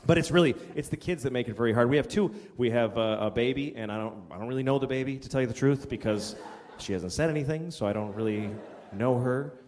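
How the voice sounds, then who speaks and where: A middle-aged man doing a stand-up routine, with a profane, deadpan confessional delivery. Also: mid-range voice, fast talker. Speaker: stand-up comedian. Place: large hall before a live audience. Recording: long hall reverb with background noise.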